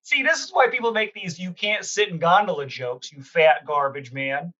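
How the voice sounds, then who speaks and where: A man co-hosting a comedy podcast, firing quick teasing jabs in casual banter. His voice is high and bright, heard over a dull, lo-fi remote mic. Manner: quick teasing, laughs often. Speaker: podcast co-host.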